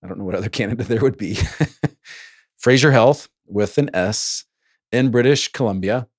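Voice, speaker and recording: A man's voice: on the low side, normal speed, slightly rough, no room sound. A man hosting a solo podcast, speaking into a close mic in a playful way with jokey asides. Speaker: podcast host.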